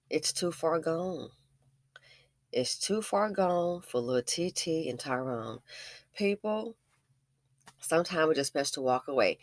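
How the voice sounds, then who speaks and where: A woman vlogger and business owner speaks in a low, sing-song voice at a moderate pace, fairly bright in tone, recorded in studio quality with no echo. Emphatic and preachy, she addresses viewers directly, offering commentary and advice.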